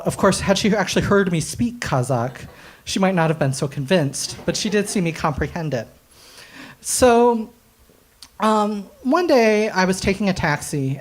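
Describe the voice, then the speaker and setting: Young American man, stand-up comic on a live stage; animated, chuckling, filler-heavy delivery. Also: high-pitched, normal speed. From United States. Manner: animated, laughing at his own jokes, many fillers. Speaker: stand-up science comedian. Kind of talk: stand-up storytelling. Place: stage at a live comedy night.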